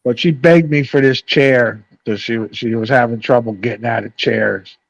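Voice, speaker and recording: A man's voice: medium pitch, normal speed, vocal fry, dry recording, highs cut off. A middle-aged man telling a rambling, profane story on a live chat panel.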